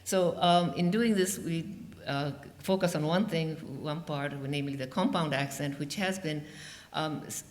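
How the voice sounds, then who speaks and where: Conference lecturer, mid pitch, halting delivery with many fillers, recorded in an echoing lecture room. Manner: hesitant, many "um"s and "okay?" checks. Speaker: linguistics lecturer. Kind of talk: academic conference talk. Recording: reverberant lecture hall.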